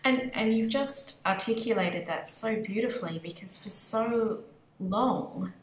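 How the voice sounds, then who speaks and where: A woman's voice: a little high, a little slow. An Australian woman speaking as a guest, reflecting earnestly and thoughtfully on her own experience. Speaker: guest, leadership coach. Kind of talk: reflective interview talk. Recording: roomy echo with faint ambient noise.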